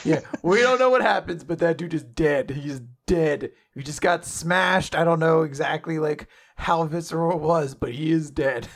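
A man with a fairly high voice chimes into a casual podcast chat with eager, cursing reactions about a cartoon fight. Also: normal speed, creaky, few pauses. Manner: enthusiastic, profane asides. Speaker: podcast co-host. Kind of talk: casual chat recapping an anime.

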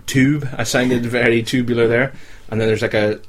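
A man's voice: medium pitch, level tone, fairly quick, a little hiss or hum. A young man, hosting a casual chat show and joking with the listeners. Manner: chatty, joking, talks to the audience. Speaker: podcast host.

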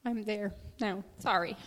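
A woman congregant asking a question, hesitant and halting, repeating her words. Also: medium pitch. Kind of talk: emotional question from the floor. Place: mosque prayer hall. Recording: long hall reverb.

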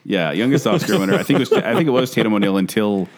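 A man's voice: lowish voice, expressive, rapid-fire. A man co-hosting a podcast, chatting casually about award picks and laughing often. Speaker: podcast co-host. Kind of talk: casual chat.

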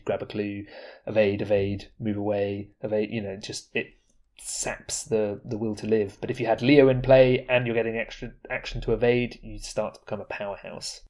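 A man co-hosting a casual board game podcast, chatty and enthusiastic with quick asides. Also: on the low side, a little mellow. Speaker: podcast co-host.

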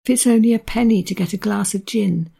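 A desperate young street girl begs for help in a gravelly voice, as a woman reads her lines. Her tone is husky and mellow. The pitch sits a little above the reader's usual voice. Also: a little fast. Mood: pleading. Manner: pleading.

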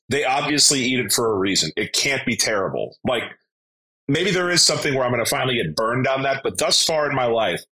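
Bright-voiced man telling stories on a podcast. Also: mid-range voice, poor audio. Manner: animated storyteller, blunt and profane. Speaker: podcast co-host. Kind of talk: casual podcast chat.

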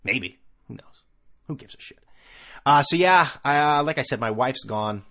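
A man's voice: mid-range voice, lively intonation, moderate pace, sharp tone. A man hosting a solo podcast, ranting casually in a sarcastic, profane, rambling way. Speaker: podcast host.

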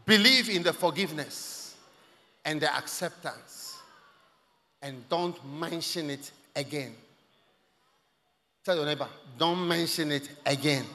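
A man preaching in a large church hall, his voice high and bright. He moves freely between hushed, close asides and loud, ringing exclamations. A long reverb trails after every line. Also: slow pace, long pauses. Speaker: pastor. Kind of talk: sermon.

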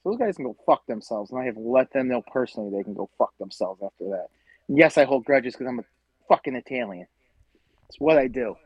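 A man's voice: mid-range voice, fast talker, breathy edge, dry recording, lo-fi sound. A man from Western New York, ranting with lots of profanity as a guest in a casual podcast chat. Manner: profane, ranting, animated storytelling. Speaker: guest, tailgate group leader.

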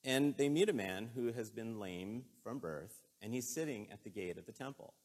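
A man preaching a sermon in a relaxed, conversational way, telling a story earnestly and with emotion. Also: fairly low pitch, normal speed.

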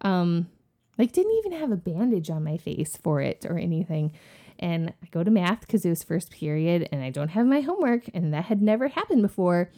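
A woman in her forties, a podcast cohost, telling a story in a casual, animated way and acting out what people said. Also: fairly low pitch, normal speed. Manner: animated, acts out quoted voices with gasps.

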